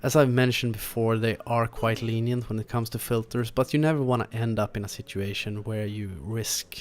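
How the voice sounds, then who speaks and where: A man's voice: fairly low pitch, moderate pace. Laid-back man narrating gameplay. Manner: relaxed, chatty, chuckling asides. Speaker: gaming channel host. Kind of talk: casual gameplay commentary.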